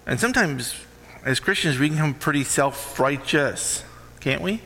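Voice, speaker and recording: Man, preacher, sermon, emphatic call-and-response, bright forceful tone, long hall reverb. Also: on the high side, animated, moderate pace.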